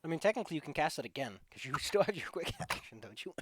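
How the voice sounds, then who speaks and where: A man's voice: a little high, very animated, quick pace, slight background noise. Joking man running a tabletop game. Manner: chatty, joking narration of combat. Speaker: game master.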